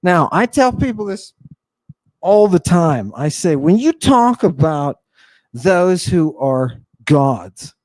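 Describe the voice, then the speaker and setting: Male host, theatrical preacher-like lecturer, slow delivery, dry booth sound. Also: fairly high pitch, sing-song, darkish tone, no room sound. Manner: slow and emphatic. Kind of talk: livestream lecture to viewers.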